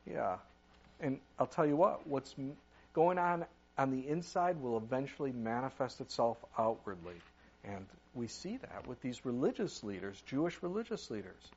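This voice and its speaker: An older man preaching a sermon as a pastor, reading scripture aloud and swinging between loud emphasis and quiet asides. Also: on the high side, lively intonation, normal speed, slightly rough, lo-fi sound. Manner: preaches with sudden rises and drops in loudness, reads scripture aloud.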